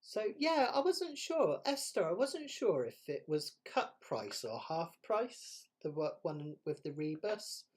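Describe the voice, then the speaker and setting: A chatty man with a West Country accent hosts a live ukulele session stream. His speech is animated and full of pitch swings, and his voice has a mellow, warm tone. He talks casually, laughs often and pokes fun at himself. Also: unhurried, hardly any pauses, husky. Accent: West Country English. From West Country of England. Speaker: ukulele teacher and jam host.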